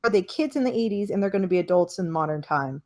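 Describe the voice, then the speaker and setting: A young woman co-hosting a podcast in casual chat, quick and talkative, often jumping in over the others. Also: on the low side, expressive, darkish tone. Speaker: podcast co-host.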